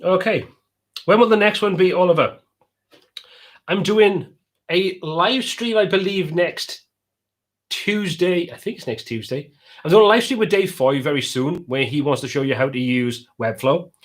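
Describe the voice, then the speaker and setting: A man's voice: a little high, expressive, moderate pace. A man with a Welsh accent, casually chatting as host of a live stream and reading out viewers' comments.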